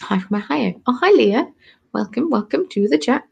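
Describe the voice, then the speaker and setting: A woman's voice: a little high, expressive, normal speed, creaky, darkish tone, slightly rough, highs cut off. A woman in her twenties with a southern English accent, chatting casually on a live stream while knitting and answering viewer comments. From southern England. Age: 20s. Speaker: crafting channel host. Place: cold home.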